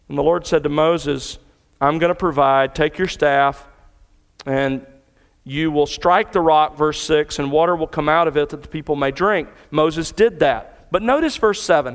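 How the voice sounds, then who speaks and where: A man's voice: high-pitched, animated, measured pace, clear, resonant tone, big-room sound. A man preaching a sermon to his congregation in earnest, building emphasis through repetition. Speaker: pastor. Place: church sanctuary.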